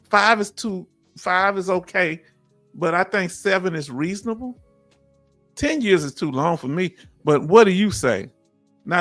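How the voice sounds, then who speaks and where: A man's voice: high-pitched, a bit bright, no echo. A man hosting a casual live chat, reading viewer comments and telling folksy family stories. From Texas. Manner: folksy, storytelling, reads chat aloud. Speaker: host.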